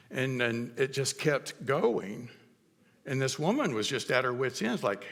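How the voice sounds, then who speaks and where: Middle-aged guy preaching, gravelly and kinda bright, chatty with lots of restarts, big echoey church. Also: mid-range voice, lively intonation. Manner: conversational storytelling with halting restarts. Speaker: pastor. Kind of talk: sermon. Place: church sanctuary.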